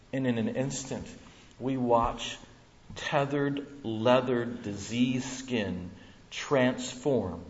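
A man preaching a sermon in a church room, dramatic, swinging from loud to hushed. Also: medium pitch, slow, long pauses, dull audio.

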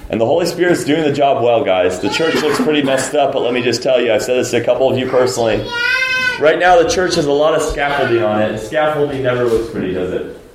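A man's voice: animated, fast talker, background noise. Echoey male preacher, dramatic swings. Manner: dynamic, swings from loud emphatic peaks to hushed low tones; asks the congregation rhetorical questions. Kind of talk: sermon.

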